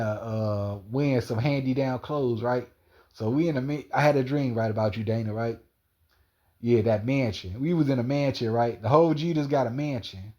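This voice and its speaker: A man whose voice is medium in pitch and darkish in tone gives a stumbling, slang-heavy personal monologue. Repetition runs throughout, and he calls an absent person by name.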